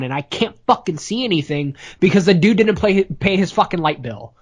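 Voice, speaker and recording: A man co-hosting a casual movie review chat, retelling the plot in a profane, animated way. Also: high-pitched, brisk, few pauses. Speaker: podcast co-host.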